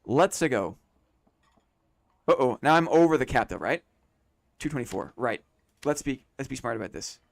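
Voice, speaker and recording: Chatty male game streamer, lively pitch. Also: a little fast, vocal fry, slight background noise. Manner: relaxed, chatty, repeats phrases to himself. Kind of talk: casual live-stream chat.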